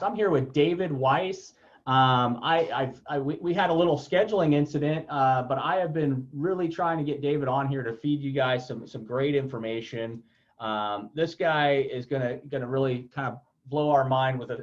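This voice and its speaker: A man hosting a podcast, speaking casually and haltingly, with many restarts and an agreeable manner. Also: mid-range voice. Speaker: podcast host. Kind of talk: casual interview talk. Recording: dull lo-fi sound.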